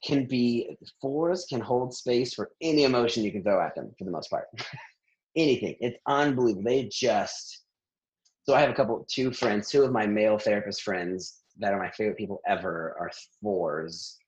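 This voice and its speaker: A man working as a therapist, talking in a lively conversational interview and laughing often between thoughts. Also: fairly low pitch, moderate pace, husky, low-quality recording.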